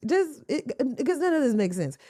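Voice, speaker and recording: A woman with a somewhat high voice hosts a casual storytime commentary. She is blunt and sassy and swears freely. She also slips into sarcastic joking asides. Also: very animated, normal speed, dark tone. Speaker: host reacting to a clip.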